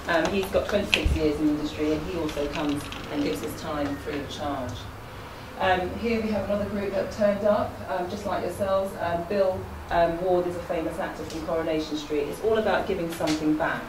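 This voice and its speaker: A woman presenting her youth forum to an audience in a measured, hesitant way. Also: on the low side, steady tone, distant mic. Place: event hall with a live audience. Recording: echoey hall, speaker away from the mic, room noise.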